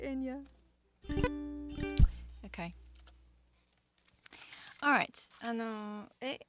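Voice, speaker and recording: A woman singer-songwriter chatting casually between songs on a live stream, rambling and self-deprecating, with halting restarts. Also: medium pitch, creaky.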